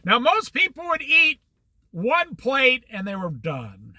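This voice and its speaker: The host, an older man, delivers a casual storytelling monologue, wandering through an anecdote from his past and voicing both sides of old conversations. His voice sits high for a man, with huge pitch swings from phrase to phrase and a slow pace. The sound is very bright and ringing, recorded dry and close with no room echo.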